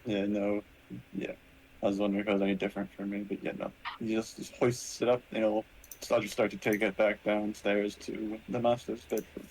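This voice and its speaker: A man's voice: fairly low pitch, little pitch movement, a little fast, a little mellow, slight background noise, low-quality recording. A man playing a tabletop game, mixing formal in-character phrasing with casual asides. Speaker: player.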